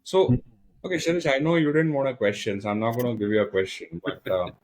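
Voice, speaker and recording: A man's voice: medium pitch, expressive, quick pace, a little mellow, low-quality recording. A man, hosting a podcast and putting casual, playful questions to his guests. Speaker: podcast host.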